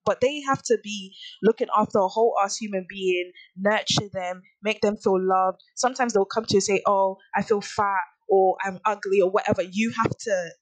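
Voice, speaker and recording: A woman co-hosting a podcast in an easy, animated way, laughing often and telling stories. Her voice sits at a middling pitch and sounds close and dry, with no room around it. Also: no room sound. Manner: animated, chatty, quick to laugh. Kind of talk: casual chat.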